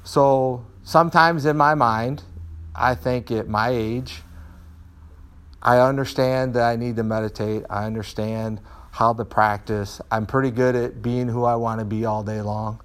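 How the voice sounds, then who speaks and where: In a dojo, a middle-aged martial arts student tells candid personal stories, animated and often restarting his sentences. His mid-range voice has a clean tone and moves a little slowly.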